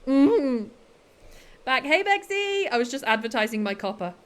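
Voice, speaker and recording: A woman with a slightly high voice talks casually to her stream chat while she plays a block-building game. She giggles often and drifts from topic to topic, reacting to viewers as she goes. She speaks into a desk microphone. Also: moderate pace. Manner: chatty and giggly, answering chat between tasks.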